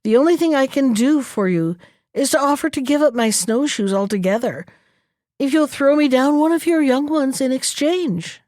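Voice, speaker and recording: A woman putting on a crafty storybook fox, smooth and wheedling, pitched a little high and pushing his plea harder than plain telling, with a dry close sound. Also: lively intonation, moderate pace, darkish tone, no echo. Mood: mock-sorry. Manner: smooth, wheedling, mock-regretful. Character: sly scheming male fox.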